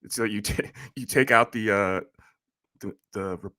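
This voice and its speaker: Low, bright-voiced laughing co-host. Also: male voice. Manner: laughs often, quick agreeing replies. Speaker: podcast co-host. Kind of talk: casual political chat.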